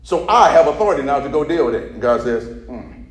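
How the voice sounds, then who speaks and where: A man preaching a sermon who keeps prompting his listeners to repeat after him and checks that they follow. His delivery swings from low murmurs to loud, shouted preaching. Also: expressive, a little fast. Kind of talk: sermon with call-and-response. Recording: echoey hall.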